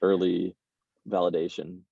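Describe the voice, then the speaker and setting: A man, a guest entrepreneur, telling his story in a casual interview, animated and repeating words as he starts. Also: low-pitched, measured pace, creaky, breathy edge, no echo, lo-fi sound.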